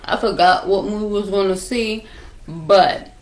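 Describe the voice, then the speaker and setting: Speaking at a normal pace in a medium-pitched voice, a young woman who vlogs stories rambles through a tale for her viewers. She talks straight to them and repeats herself in this casual chat, recorded at home on a laptop.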